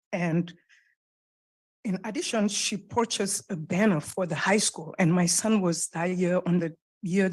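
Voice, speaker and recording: A woman with a French accent, a native French speaker, giving an earnest, halting public comment at a podium microphone in a council chamber. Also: fairly low pitch, darkish tone. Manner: earnest, halting, with pauses and restarts. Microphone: podium microphone, close.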